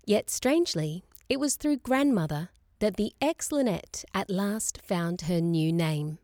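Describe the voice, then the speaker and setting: A woman's voice: medium pitch, no room sound. Woman reading a novel, dry close mic. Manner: measured, expressive storytelling. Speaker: audiobook reader. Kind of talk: scripted narration.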